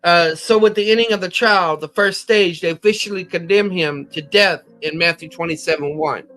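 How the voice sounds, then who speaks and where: A man's voice: sits high, moderate pace, pushed and bright, soft background music. An American man teaching a methodical Bible lesson, citing chapter and verse with occasional slips. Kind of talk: scripture lesson.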